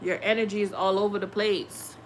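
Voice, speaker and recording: A woman's voice: mid-range voice, flat delivery, brisk, slight background noise. A young woman hosting a tarot livestream, chatting casually and bluntly with viewers, cursing freely. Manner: blunt, profane, talks back to chat.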